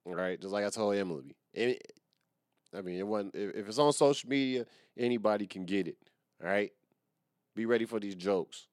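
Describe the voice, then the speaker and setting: Young male podcaster, very deep voice, dry close sound, loose profane self-mocking solo rant. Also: brisk, a little mellow, dry recording. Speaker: podcast host. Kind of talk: casual solo podcast monologue.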